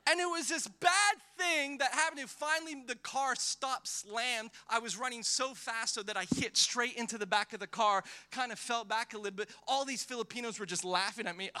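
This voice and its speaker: A man in his thirties, a pastor, preaching a sermon in a church in a lively, conversational way, telling personal stories and acting out quotes with many restarts. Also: very high voice, moderate pace, few pauses, clear, resonant tone. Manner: animated, conversational, lots of restarts and acted-out quotes.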